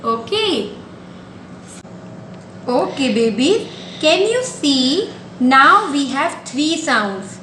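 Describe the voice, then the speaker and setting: A woman's voice: sits high, very animated, extremely slow, long pauses, pushed and bright, slight background noise. A woman teaching a nursery class, talking patiently and coaxingly in a sing-song way to small children. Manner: patient, coaxing, repeats simple instructions. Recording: echoey room.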